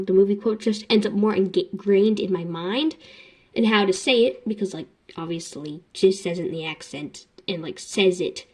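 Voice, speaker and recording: A woman's voice: mid-range voice, darkish tone. A young woman vlogger chatting casually about books. She rambles with self-deprecating jokes. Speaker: book vlogger. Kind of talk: casual chat.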